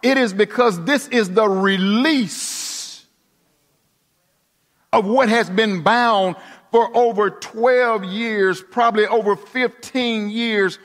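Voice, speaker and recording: A man preaching a sermon, dramatic, dropping to hushed tones and rising again for emphasis. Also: high voice. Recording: long reverb of a large hall.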